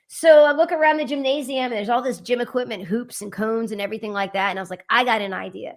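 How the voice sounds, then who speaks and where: Middle-aged woman guest, animated storyteller, acts out dialogue, mid-range voice. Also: medium pitch. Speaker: guest, martial arts educator. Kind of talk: casual interview storytelling.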